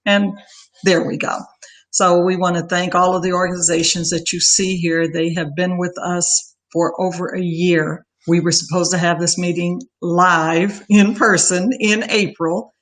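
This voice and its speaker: A woman's voice: on the low side, flat delivery, measured pace. An older woman, close to tears, giving a heartfelt farewell speech of thanks as an outgoing organization leader over a video call. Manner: heartfelt, emotional, lists names warmly.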